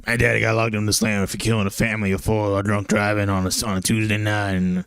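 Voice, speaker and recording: A man's voice: lowish voice, little pitch movement, creaky, fairly bright tone. A man putting on a drawling tough guy who keeps insisting someone is not his father. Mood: defiant. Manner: slow rambling drawl, repetitive.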